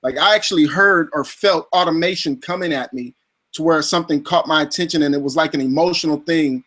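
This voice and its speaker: A man hosting an interview, asking long searching questions with halting restarts. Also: on the high side, a bit bright. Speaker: interview host.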